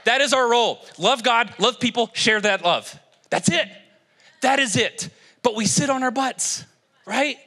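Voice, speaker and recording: A man from Kentucky preaching a lively, joking sermon to a church congregation on a handheld mic. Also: very high-pitched, unhurried. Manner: energetic, joking, exhorting congregation. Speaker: pastor. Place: church stage.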